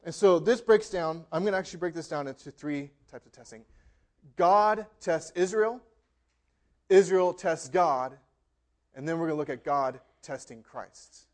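A male pastor delivering a sermon in a fairly high voice. He reads scripture with strong emphasis and slows down on key phrases for effect. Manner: expressive preaching, dramatic pauses and emphatic scripture reading.

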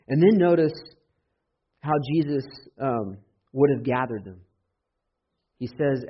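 A man preaching a Sunday sermon as pastor, building to loud, impassioned emphasis when he quotes scripture. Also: fairly high pitch, unhurried, long pauses, breathy edge. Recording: dull lo-fi sermon audio.

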